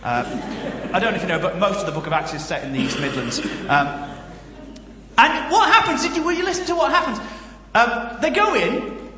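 A man with a generic Northern English accent delivers a comic sermon, full of jokes and storytelling. His voice is high and bright. It rings out with a long hall echo around it. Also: fairly quick, slight background noise. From Northern England. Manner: jokey, storytelling, lively asides. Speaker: guest preacher and comedian. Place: church.

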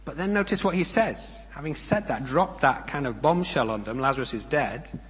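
A man preaching a sermon. He speaks in a measured, emphatic way, with pauses and rhetorical questions. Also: medium pitch, expressive, a bit bright. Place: church. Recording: long reverb of a church hall.

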